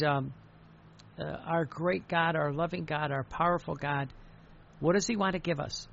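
Earnest male preacher, heavy vocal fry, slightly muffled recording. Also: fairly high pitch, slight background noise. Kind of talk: sermon.

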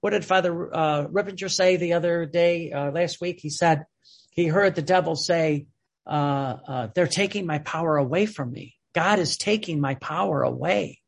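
A man preaching a sermon in an earnest, repetitive way, slowing down when he quotes. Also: fairly high pitch, vocal fry.

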